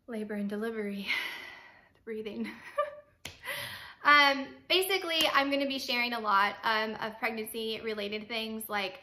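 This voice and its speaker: A young woman hosts her own fitness vlog in a loose, chatty way, full of ums and you knows. Her voice is bright and ringing and sits a little high. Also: normal speed, long pauses. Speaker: fitness vlogger. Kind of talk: casual to-camera vlog.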